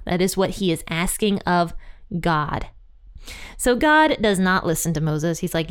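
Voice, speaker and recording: A woman's voice: mid-range voice, lively intonation, moderate pace, clean tone. A woman hosting an episode, retelling a Bible story in a chatty, blunt, conversational way. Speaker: podcast host teaching the Bible.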